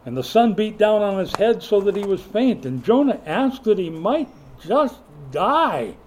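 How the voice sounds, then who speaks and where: An older man preaching a sermon, a folksy joking storyteller who builds to loud, emphatic preaching. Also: sits high, very animated, unhurried. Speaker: pastor.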